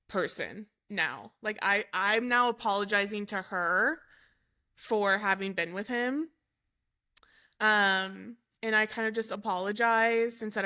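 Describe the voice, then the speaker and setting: A young woman calmly recounting a painful personal story as an interview guest, halting and correcting herself as she goes. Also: medium pitch. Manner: unhurried, halting, with fillers and self-corrections. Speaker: guest telling her story.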